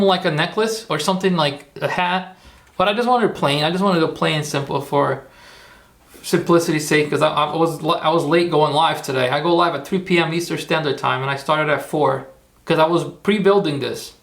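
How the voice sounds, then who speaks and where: A man's voice: fairly high pitch, brisk. A man hosting a casual tutorial livestream, rambling, repeating himself and talking to his chat. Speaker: livestream host.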